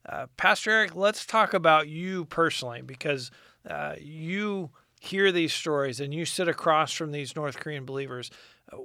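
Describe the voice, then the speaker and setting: A man's voice: a little high, lively intonation, normal speed, gravelly, bright, forceful tone, dry recording, studio quality. A man hosting an interview, encouraging in tone, with hesitant phrasing and fillers. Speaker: interview host. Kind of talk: conversational interview.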